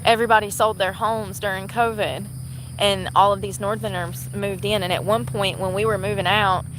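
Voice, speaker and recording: A young woman from North Carolina rambles to her phone camera for a vlog, laughing often as she chats. Her medium-pitched voice keeps a fairly even intonation at normal speed, with boat and water noise in the outdoor background.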